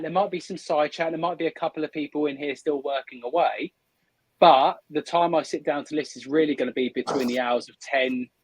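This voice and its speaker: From a shed baking under photography lights, a man with a slightly high, fairly bright voice runs a live stream, keeping up cheerful chatter and musing aloud while he works. The audio is rough but free of echo.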